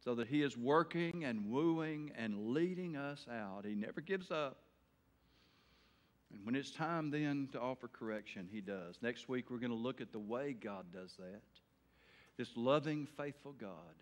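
A middle-aged male pastor preaching an evening sermon in a folksy way, swinging between loud emphatic bursts and quiet earnest talk. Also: mid-range voice, lively intonation, measured pace.

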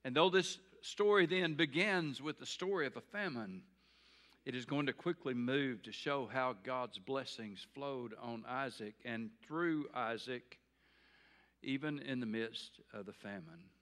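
A man's voice: mid-range voice, a little slow, a bit bright. A man preaching a sermon as pastor, folksy and earnest, with repeated phrases and small restarts.

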